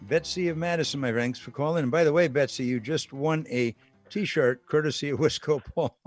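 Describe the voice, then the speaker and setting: A man's voice: fairly high pitch, normal speed, faint music behind. A man hosting a call-in radio show, talking in a conversational, earnest way with some stumbles. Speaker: radio talk show host.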